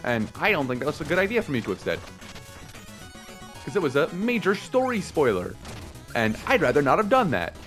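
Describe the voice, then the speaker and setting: Brief: excitable young gamer narrating his playthrough, jokey and loose, voice leaping all over, soft game music behind. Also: on the high side, brisk, long pauses. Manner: excitable, rambling, laughing, swearing. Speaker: let's play host. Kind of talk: casual gameplay commentary. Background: faint game music.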